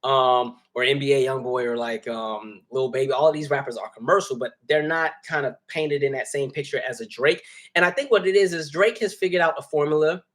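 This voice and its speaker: A man hosting a casual live stream, reading viewer comments and talking freely, animated and laughing often. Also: mid-range voice, a little fast. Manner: animated, laughs often, jumps between soft asides and loud bursts. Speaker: host.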